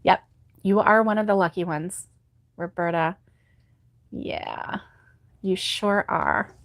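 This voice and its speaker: A woman's voice: mid-range voice, steady tone, slow, no room sound, clean studio sound. A middle-aged woman hosting a crochet livestream, chatting casually and sympathetically with viewers and laughing often. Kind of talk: casual live chat reading viewer comments.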